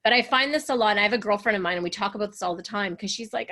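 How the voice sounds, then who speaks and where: A woman's voice: medium pitch, racing, hardly any pauses, sharp tone. A woman relationship coach leading an online coaching session, earnest and encouraging, sometimes acting out the voices of people she describes.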